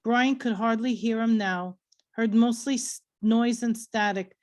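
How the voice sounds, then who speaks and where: Woman reading a chapter book out loud, steady and earnest, kinda high voice. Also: unhurried. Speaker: reader. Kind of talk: reading a novel aloud.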